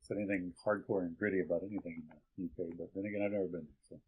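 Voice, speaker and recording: A man with a very low, husky voice, co-hosting a casual tech podcast. He talks hesitantly, hedging with asides as he goes. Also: fairly even intonation, racing, a little mellow. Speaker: podcast co-host.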